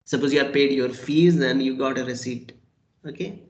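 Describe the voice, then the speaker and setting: A man's voice: mid-range voice, fairly even intonation, moderate pace, muffled recording. A man teaching a French class, patiently repeating and spelling out words. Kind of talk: online language class. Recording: roomy echo.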